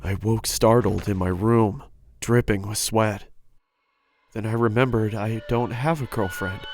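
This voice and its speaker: A man narrating a first-person horror story in a steady, earnest way. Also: on the low side, measured pace, background noise. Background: background music.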